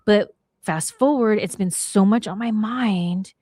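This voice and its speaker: A middle-aged woman casually telling a story on her podcast, slangy and animated, acting out the people she quotes. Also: medium pitch, slow, dry recording, studio quality. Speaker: podcast host.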